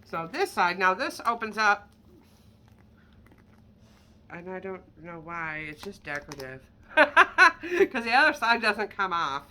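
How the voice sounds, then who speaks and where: A woman's voice: medium pitch, big pitch swings, takes it slowly, long pauses, bright, forceful tone. A woman chatting casually and candidly as she shows handbags for sale, with self-deprecating asides. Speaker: online handbag reseller. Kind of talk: casual product showcase vlog.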